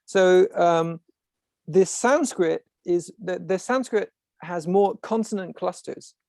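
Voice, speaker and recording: A man's voice: high voice, slow pace, darkish tone, no echo, studio quality. A man hosting an online discussion group who explains things in a professorial way, with frequent restarts and asides over a video call. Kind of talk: casual explanatory talk.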